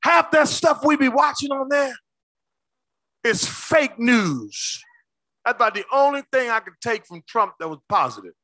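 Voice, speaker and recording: High, lively preacher with a bright, dry voice. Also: male voice, measured pace, no room sound. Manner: swings from shouting to hushed, calls out to the congregation. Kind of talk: sermon.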